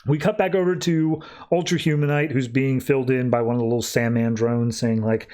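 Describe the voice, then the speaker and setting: A man's voice: medium pitch, steady tone, mellow. A man hosting a podcast, casually recapping comic issues in a loose, offhand way. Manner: recaps scenes loosely, tossing in quick offhand voices for characters. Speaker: podcast host.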